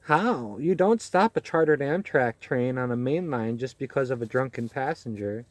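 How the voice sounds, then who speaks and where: A man voicing a weary, cynical male campaign reporter who talks gruffly and matter-of-factly. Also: mid-range voice, animated, moderate pace, dry recording, lightly acted. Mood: gossiping.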